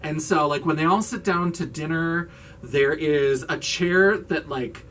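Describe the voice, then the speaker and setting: A man's voice: on the high side, unhurried, a bit bright, distant mic, a little hiss or hum. A man who hosts a video channel as a drag queen recaps a horror movie in a casual, sarcastic way, with lots of "like". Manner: chatty and sarcastic, with filler "like".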